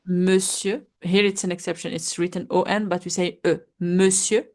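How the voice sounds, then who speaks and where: A woman's voice: lowish voice, little pitch movement, moderate pace, a little mellow. Woman, 20s, online French teacher on a call; drills greetings, chats casually. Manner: drills words, then chats with laughs.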